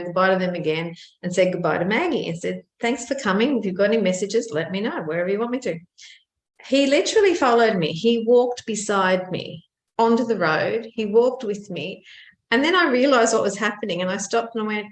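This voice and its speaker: A woman, co-hosting a podcast and telling a story in a lively, animated way. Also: mid-range voice, brisk, roomy sound. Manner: lively, animated retelling with laughs. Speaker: podcast co-host. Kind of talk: casual storytelling chat.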